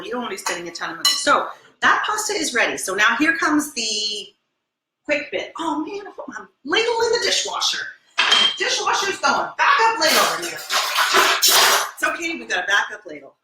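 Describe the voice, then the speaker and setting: A woman hosting a live cooking lesson in her home kitchen, chatty and excitable as she demonstrates and tastes. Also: on the high side, roomy sound, noisy background. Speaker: cooking show host.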